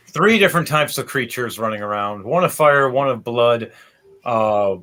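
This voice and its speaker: Game master, male, lively storyteller, bright voice. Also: mid-range voice. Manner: animated, laughs often, does quick voices. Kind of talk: narrating a tabletop game.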